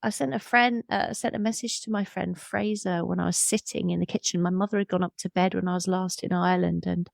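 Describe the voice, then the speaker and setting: Gravelly-voiced woman in her fifties reflecting. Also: on the low side, little pitch movement, fairly quick, few pauses, no echo, clean studio sound. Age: 50s. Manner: earnest, reflective, with small laughs. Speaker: interview guest. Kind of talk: reflective conversational storytelling.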